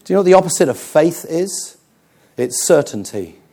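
Animated man preaching. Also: on the high side, moderate pace, gravelly. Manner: animated, humorous preaching with dramatic quiet passages. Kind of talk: sermon.

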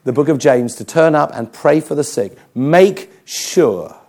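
A male preacher with a lively, wide-ranging voice that climbs and falls with every point. He talks with humour and drops to a soft, grave tone for serious stories. His pitch sits a little high for a man. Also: unhurried. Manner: animated, humorous preaching with dramatic quiet passages. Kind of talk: sermon.

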